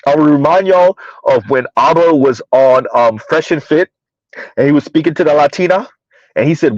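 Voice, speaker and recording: A man's voice: fairly high pitch, normal speed, dry recording. A man giving rambling, opinionated commentary, throwing rhetorical questions at his listeners. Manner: rambling, rhetorical, keeps asking "huh?". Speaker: commentary vlogger. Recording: dull lo-fi dry sound.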